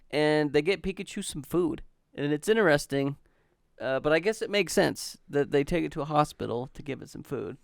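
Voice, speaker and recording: Co-host, man, relaxed recap, resonant and higher pitched, dry sound. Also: no room sound. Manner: laid-back, swears casually while summarizing. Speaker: podcast co-host. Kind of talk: casual recap chat.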